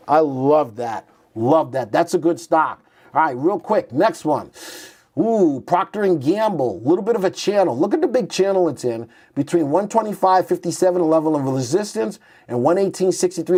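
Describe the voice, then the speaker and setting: A man's voice: on the high side, warm tone. A man hosting a stock market show, chatty and thinking aloud as he types in tickers and reads charts live.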